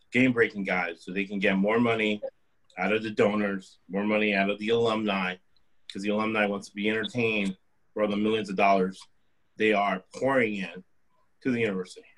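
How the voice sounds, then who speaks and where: A man's voice: on the low side, poor audio. Man telling sports stories. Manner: storytelling, animated anecdotes. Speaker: co-host. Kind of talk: casual sports talk.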